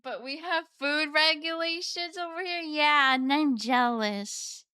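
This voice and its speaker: Bright high-voiced woman, playful streamer. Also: measured pace, no echo, clean studio sound. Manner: playful, chatty, meows between chat replies. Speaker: live streamer reading chat. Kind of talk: casual live-stream chat.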